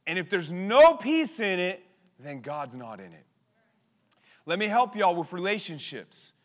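A man in his thirties preaching a sermon with passion, swinging from loud bursts to hushed words. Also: high-pitched, sing-song, unhurried. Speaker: pastor. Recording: long hall reverb.

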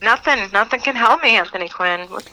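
A woman's voice: a little high, expressive, fairly quick, bright, forceful tone, low-quality recording. A woman co-hosting a podcast, giggling in a mopey, self-deprecating way. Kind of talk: casual podcast banter.

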